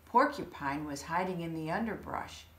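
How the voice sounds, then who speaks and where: A woman reading a children's holiday story aloud, expressive and unhurried. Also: low voice. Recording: echoey room.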